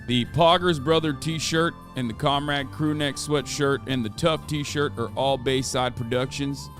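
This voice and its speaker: A man's voice: mid-range voice, fairly even intonation, a little slow, a bit bright, soft background music. A man livestreaming and chatting casually. He sounds exasperated, swears often and reads chat comments aloud. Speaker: livestreamer selling merch.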